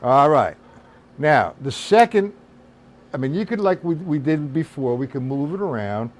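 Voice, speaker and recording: A man's voice: a little high, big pitch swings, normal speed. A man teaching a drum lesson on a live stream, explaining accents and counting the beats aloud. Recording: loud drums behind the voice. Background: drum kit playing.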